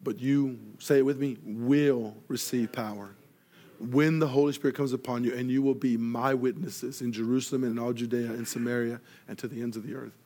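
A man preaching a sermon, telling a story and acting out each person in it, rising loud when excited and falling soft and quiet for earnest points. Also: mid-range voice. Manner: animated storyteller, acts out dialogue, grows loud in excitement. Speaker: pastor.

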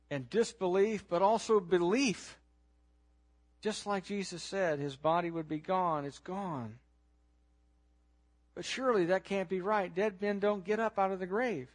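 Male preacher, high voice, dramatic storytelling sermon with hushed lows and loud peaks. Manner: asks listeners to imagine the scene.

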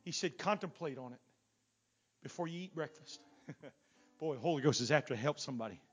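Fervent preaching man over soft guitar. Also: a little high, brisk, breathy edge. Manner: preaching with surging volume, rising to near-shouts. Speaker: pastor. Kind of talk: Pentecostal sermon. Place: church sanctuary.

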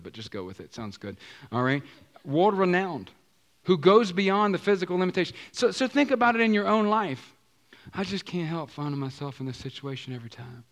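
A male pastor preaching a sermon in a conversational way, often asking the congregation questions and using casual slang. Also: fairly high pitch.

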